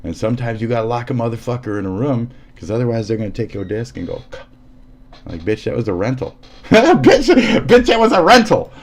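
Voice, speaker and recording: A man's voice: on the low side, steady tone, fast, dark tone, slight background noise. A man ranting casually on a live stream, profane and heated, often laughing and acting out quotes.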